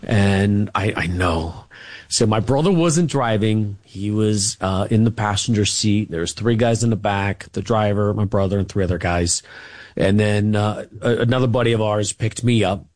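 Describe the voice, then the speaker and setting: A man's voice: fairly low pitch, normal speed, darkish tone, dry recording, clean studio sound. A man, a guest author, telling family stories in a casual interview, rambling with many fillers and restarts.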